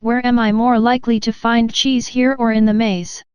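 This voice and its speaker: A woman's voice: on the high side, little pitch movement, moderate pace, clean tone, no room sound, highs cut off, close to an everyday voice. A woman reading as Ha, an earnest little man. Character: little man laughing at his own fear.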